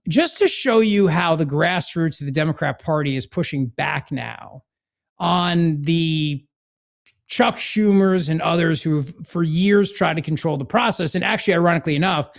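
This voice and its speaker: Talk show host guy, kinda high voice, sarcastic, mocking, fed up. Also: gravelly. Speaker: podcast host. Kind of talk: political talk show banter.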